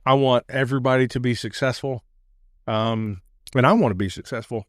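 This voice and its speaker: Relaxed man hosting a casual podcast. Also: medium pitch, fairly quick, dry recording, clean studio sound. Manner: relaxed, laughs easily. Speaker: podcast host. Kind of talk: casual chat. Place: outdoor patio.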